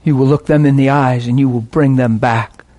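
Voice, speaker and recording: A man's voice: medium pitch, fairly even intonation, normal speed, mellow. A middle-aged man, a pastor, preaching a sermon in a passionate, conversational way.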